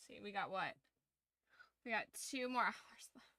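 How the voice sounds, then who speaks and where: A woman's voice: mid-range voice, lively intonation, a little slow, sharp tone, no room sound, studio quality. A tired woman streamer chatting casually on a livestream, rambling and swearing freely.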